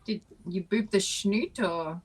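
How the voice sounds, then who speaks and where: A woman's voice: medium pitch, takes it slowly, slightly rough. A woman playing a tabletop game, playful and teasing as she weighs in on rules. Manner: playful, cheers and teases. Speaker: player. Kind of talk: casual tabletop game play.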